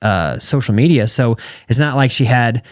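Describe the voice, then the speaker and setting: An American man in his thirties tells stories in a relaxed interview. His voice sits in an ordinary middle register and sounds dry and close. He acts out the people he quotes as he goes. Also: mid-range voice, normal speed, no room sound. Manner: animated storyteller who acts out quoted dialogue. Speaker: guest, retired champion calf roper and entrepreneur. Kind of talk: casual storytelling interview.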